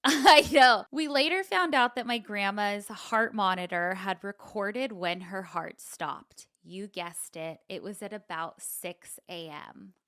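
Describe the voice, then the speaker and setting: A woman's voice: medium pitch, slow, few pauses, a bit bright, dry recording, studio quality. A woman co-hosting a podcast, chatting candidly and reading out a listener email, laughing easily. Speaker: podcast co-host.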